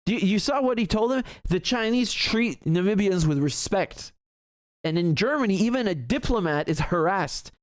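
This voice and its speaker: A fairly high-voiced man hosts a live commentary stream, reacting to a clip with emphatic indignation. His voice is recorded dry and close, with no room sound, and he swears freely as he builds his point. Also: animated, moderate pace, dry recording. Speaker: political commentary host.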